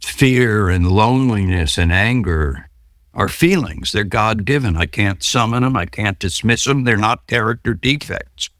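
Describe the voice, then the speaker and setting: A man's voice: lowish voice, lively intonation, unhurried, fairly bright tone, dry recording, studio quality. A man being interviewed about his recovery, telling stories and acting out the voices of the people in them. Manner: storytelling, acts out quoted voices. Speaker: podcast guest.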